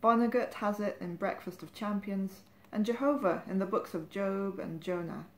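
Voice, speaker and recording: An excitable, self-important male author holds forth, as a woman reading aloud puts him on. His lines come out raised and grand, climbing into exclamations as he gets carried away. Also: medium pitch, moderate pace, reverberant, close to an everyday voice. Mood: exalted.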